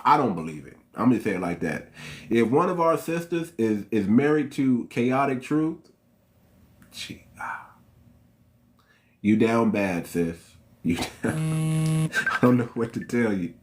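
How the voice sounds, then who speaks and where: A man from the United States hosting his channel, talking straight to his viewers in an emphatic, slangy commentary that repeats its points. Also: mid-range voice. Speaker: channel host. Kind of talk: unscripted commentary monologue.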